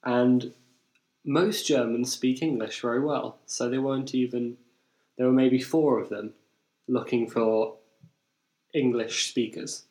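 A man's voice: medium pitch, steady tone, slow, pauses often, a little mellow. A man co-hosting a podcast in casual chat, rambling and correcting himself as he goes. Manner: rambling, self-correcting, repeats phrases. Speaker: podcast co-host. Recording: echoey room.

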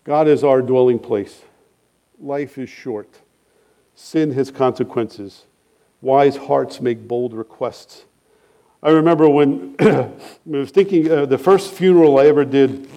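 A man pastor preaching a sermon in an earnest, measured way, letting his phrases fall soft at the ends. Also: medium pitch.

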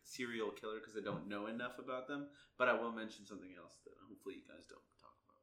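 Animated joking male co-host, bright tone, echoey room. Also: lowish voice, fast. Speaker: podcast co-host. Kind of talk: casual chat.

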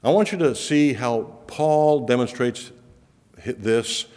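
Male preacher, mid-pitched, earnest and emphatic, long hall reverb. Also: takes it slowly, darkish tone. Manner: earnest, emphatic, rising for repeated promises. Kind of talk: sermon.

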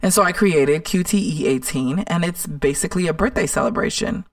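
A woman's voice: lowish voice, fairly quick, no echo, recorded from a distance. A woman hosting a motivational podcast in a sassy, emphatic way, repeating words for stress. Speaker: podcast host and life coach. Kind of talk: casual motivational monologue.

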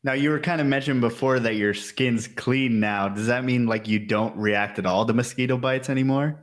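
A man's voice: medium pitch, moderate pace. A man hosting a casual interview, asking easygoing, curious questions. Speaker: interviewer, host.

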